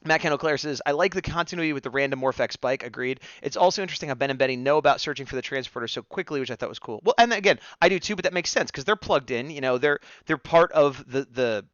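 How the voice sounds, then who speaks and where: A man's voice: mid-range voice, expressive, quick pace, hardly any pauses, a bit bright, no echo, lo-fi sound. A man co-hosting a casual live-stream discussion, chatting, reading viewer comments aloud and laughing often. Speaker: co-host of a fan discussion stream.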